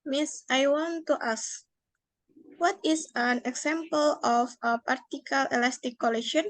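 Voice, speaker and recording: A woman's voice: sits high, a little slow, no room sound. A woman with an Indonesian accent playing a curious female student who politely asks her teacher a question. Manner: polite, inquiring.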